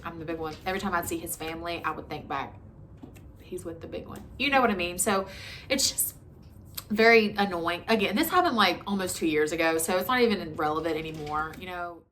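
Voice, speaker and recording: A woman in her twenties, a vlogger, tells her camera a candid personal story in a conversational way full of likes and ums. Her voice is lowish and fairly bright, she talks a little fast, and there's a slight hiss or hum.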